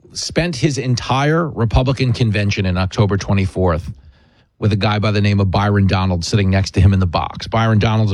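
A man's voice: lowish voice, darkish tone, no room sound. A man hosting a talk radio show, delivering a brash, wisecracking monologue with emphatic asides.

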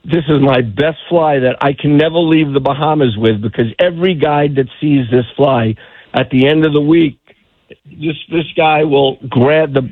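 Over a tinny phone line on a radio call-in, a middle-aged fishing guide tells fishing stories, chatty and restarting often. His voice is mid-range, and the recording is dry.

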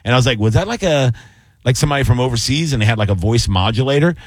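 A man rattling off a story at high speed, switching into different voices as he acts out a phone conversation. The sound is dry and close, with no room around it. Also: rapid-fire, no room sound. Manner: animated, acts out both sides of phone calls. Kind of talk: casual chat, storytelling.

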